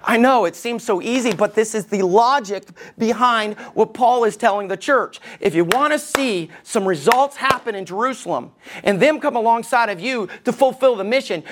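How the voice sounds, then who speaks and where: A man's voice: sits high, a bit bright, slight background noise. Male pastor preaching, chatty and sarcastic, keeps asking the room if they follow him. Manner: conversational, joking, checks in with the congregation. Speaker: lead pastor. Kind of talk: sermon.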